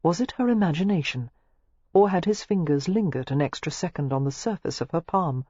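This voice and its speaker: An audiobook narrator reading a novel aloud in an expressive, scripted style. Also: fairly quick, husky, dry recording. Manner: expressive, shifting pitch through the narration. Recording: dull lo-fi dry recording.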